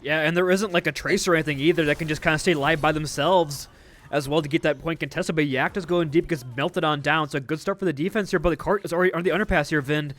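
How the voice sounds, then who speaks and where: A man's voice: a little high, steady tone, fast, fairly bright tone. A man casting a live esports match, chatty and joking as he walks through the play. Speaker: esports caster.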